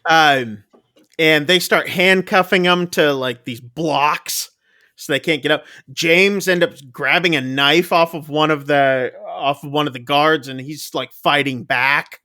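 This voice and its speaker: Bright-voiced man recapping a movie. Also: fairly high pitch, dry recording, clean studio sound. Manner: chatty, loose retelling with quick asides. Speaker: podcast co-host. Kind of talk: casual movie recap chat.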